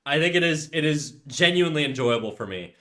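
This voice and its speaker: A man's voice: a little high, expressive, fairly quick, sharp tone. A man streaming while he draws, chatting casually and candidly with his viewers, rambling and often calling them "dude". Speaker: streamer and artist. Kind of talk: casual livestream chat.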